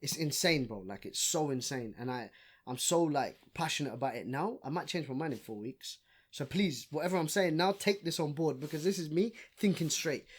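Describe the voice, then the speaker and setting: A man's voice: a little high, brisk, breathy edge. A young man, a podcast guest ranting in casual chat, swearing and saying bro a lot. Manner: animated, swears a lot, says bro often.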